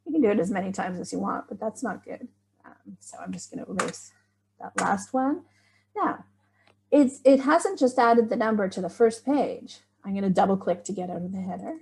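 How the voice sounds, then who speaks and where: A woman's voice: medium pitch, lively intonation, normal speed, creaky, a little mellow, slight background noise. A middle-aged woman teaching a screen-share tutorial, chatty and thinking aloud as she works. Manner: chatty, thinking aloud, little surprised exclamations. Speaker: writing workshop instructor.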